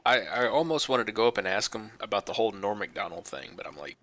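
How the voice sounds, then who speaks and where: A fast-talking man with a lowish voice co-hosts a casual movie podcast. In the middle of the chat he tells an anecdote, animatedly acting out other people's lines in their voices.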